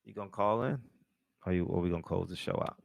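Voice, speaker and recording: Gravelly low-voiced man hosting a call-in. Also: quick pace, no echo, lo-fi sound. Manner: laid-back, slangy, laughs often. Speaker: live call-in show host. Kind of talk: casual live-stream chat.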